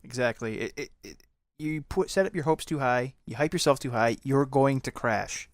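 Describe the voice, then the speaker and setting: A male podcast guest talks in a relaxed, agreeable way and repeats words as he gets going. His voice sits in a mid range and sounds dry and close. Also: mid-range voice, moderate pace, dry recording. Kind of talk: casual podcast discussion.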